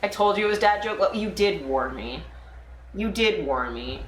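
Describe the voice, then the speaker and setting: A woman hosting a casual live stream, talking to chat viewers in a profane, animated way. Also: on the low side, normal speed. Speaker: livestream host. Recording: echoey room with faint ambient noise.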